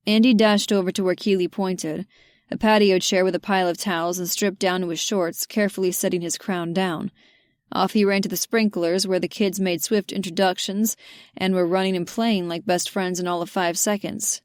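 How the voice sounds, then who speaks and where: A woman narrating a romance audiobook, lively and giving the characters their own voices, on a close mic. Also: lowish voice, moderate pace, dry recording.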